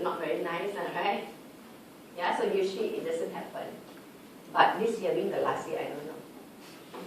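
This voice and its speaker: A woman's voice: lowish voice, expressive. A woman tutor giving an informal exam revision lecture, often checking in with her students through tag questions. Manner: chatty, lists examples briskly. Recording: echoey room recorded from far off with background noise.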